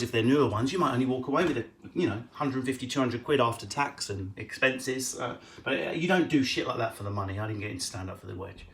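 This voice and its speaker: A man's voice: mid-range voice, a little hiss or hum. A man, a comedian, answering viewer questions at home in a casual, cheeky, sweary way. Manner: cheeky, sweary, quick-witted. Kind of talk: casual live Q&A.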